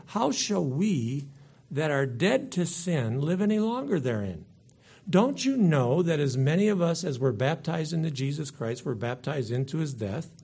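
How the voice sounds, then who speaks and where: A man's voice: fairly high pitch, vocal fry, a little mellow, breathy edge. A man preaching a sermon, reading scripture aloud and then stressing his points emphatically, repeating them for weight.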